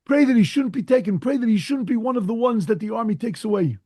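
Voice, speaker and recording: A man voicing an anxious father who pleads urgently with a rabbi to pray for his son, in a husky voice. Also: very high voice, expressive, quick pace, mellow, dry recording, voice pushed up, heavily acted. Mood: pleading.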